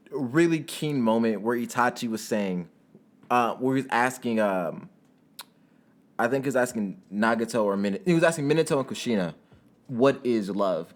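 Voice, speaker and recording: A young man narrating a fan story and then chatting casually to his viewers, rambling and laughing, jumping into high squeaky tones when he jokes. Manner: giggly, rambling, jumps into high squeaky bits when joking.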